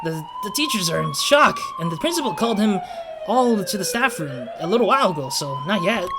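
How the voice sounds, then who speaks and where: A man's voice: high voice, a little fast, voice pushed up. A man voicing an anxious teenage classmate, using a put-on accent. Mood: indignant. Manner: put-on accent, excited delivery. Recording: siren noise behind voice.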